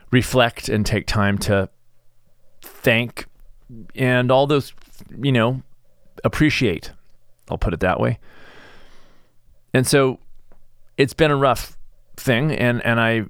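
A middle-aged man hosting his own podcast, speaking in a halting, subdued way as he reflects on grief. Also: lowish voice, clear, resonant tone, no echo, studio quality. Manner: halting and searching for words, soft-spoken. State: grieving, subdued. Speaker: podcast host and stress management coach. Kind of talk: reflective solo podcast monologue.

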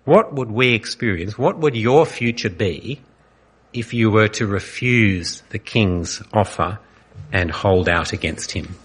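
A male pastor preaching an earnest sermon, dramatic and full of pauses. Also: on the low side, fairly bright tone, slight background noise. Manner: earnest, dramatic, pausing often.

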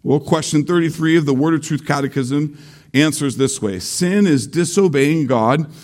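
A man preaching a sermon slowly and deliberately, repeating key phrases for emphasis. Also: on the high side, a little mellow. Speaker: pastor.

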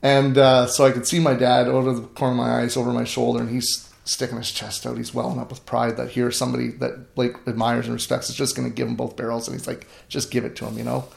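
Middle-aged man, grain farmer, gravelly voice, earnest storytelling, roomy echo. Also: mid-range voice, monotone, quick pace, hardly any pauses. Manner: earnest, emphatic, many restarts. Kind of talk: storytelling interview talk. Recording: echoey room.

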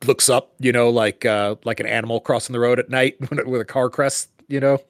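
A man's voice: medium pitch, level tone, fairly quick, dry recording. A man running a tabletop roleplaying game as its game master. He talks with lots of ums and restarts and laughs often, in a dry, close recording with no room sound. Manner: hesitant, lots of fillers and laughs.

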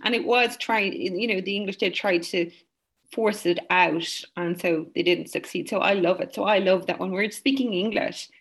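A woman's voice: medium pitch, moderate pace, husky. A woman with an Irish accent, an author chatting enthusiastically as a guest, full of asides. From Ireland. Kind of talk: casual chat.

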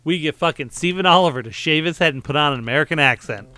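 A man co-hosting a comedy podcast, making absurd jokes in a deadpan way. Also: on the high side, quick pace, clear, resonant tone. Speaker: podcast co-host. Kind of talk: casual comedic chat.

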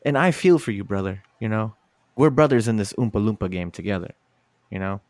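Profane, animated man in casual chat. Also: fairly low pitch, a little fast, no echo. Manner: animated, profane, laughing storyteller doing voices.

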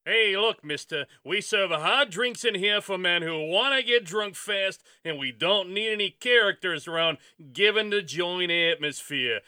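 A gruff, tough bartender, played by a man in a radio comedy parody. He is blunt and threatening, with a bright, sharp, high voice. The sound is dry. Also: lively intonation, a little slow, no echo, full character voice.

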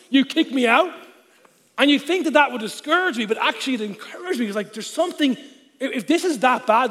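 A man in his thirties, a pastor, telling a personal story in a sermon with animated, humorous delivery and acted-out voices. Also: very high voice. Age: 30s. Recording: long reverb of a large hall.

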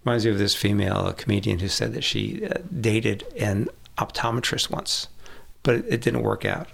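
Man, middle-aged, gravelly, casual podcast chat, anecdotes, chuckles. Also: on the low side, moderate pace, a bit bright. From Rhode Island. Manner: storytelling, acts out voices, chuckles often.

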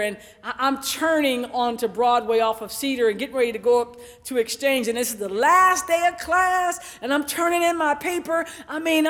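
A woman's voice: on the high side, long reverb tail. A woman pastor preaching a sermon in a church, telling a personal story and calling out to the congregation. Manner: animated, storytelling, calls out to the congregation. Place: church sanctuary.

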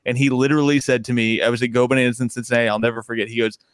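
A man's voice: medium pitch, little pitch movement, rapid-fire, clean tone, dry recording. A man, a stand-up comedian, chatting casually in a podcast interview, rambling and restarting his sentences and laughing often.

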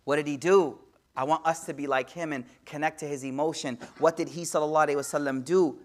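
A man preaching with a voice pitched a little above the usual male range. He talks straight to his audience in slangy asides, swings from near-whispers to loud peaks, and recites Arabic quickly. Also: steady tone. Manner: slangy, addresses audience directly. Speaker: Islamic teacher. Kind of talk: sermon-style lecture.

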